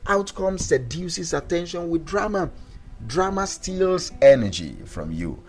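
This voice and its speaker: A man's voice: on the high side, sing-song, unhurried, darkish tone, soft background music. A man hosting a daily mindset podcast, giving an emphatic motivational talk that repeats its key lines and checks in with "all right?". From Africa. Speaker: mindset coach and podcast host.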